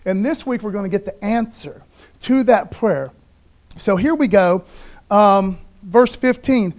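A man's voice: sits high, expressive, measured pace, darkish tone. A man preaching a sermon as pastor, casual and conversational, reading scripture aloud and stumbling over names. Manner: casual, conversational preaching with frequent "okay, guys". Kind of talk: streamed Sunday sermon.

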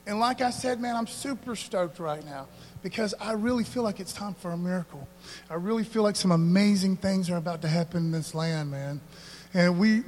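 A man preaching a casual, animated sermon, often dropping "man" into his sentences. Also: high voice, long reverb tail, slight background noise. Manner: casual and animated, says "man" a lot, preaches with bursts of energy.

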